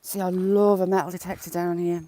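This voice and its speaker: A woman's voice: on the low side, level tone, brisk, warm tone. Chatty woman vlogger, outdoors by a river, phone mic, talks to herself and laughs a lot. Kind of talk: casual walking vlog, chatting to live viewers.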